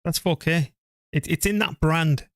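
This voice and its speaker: A man's voice: fairly high pitch, a little slow, no room sound, studio quality. A man streaming a strategy game live, chatting away casually, poking fun at himself and talking back to his computer and the game as he plays. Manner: chatty, self-deprecating, talks to his PC and game while playing. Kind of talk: live gameplay commentary.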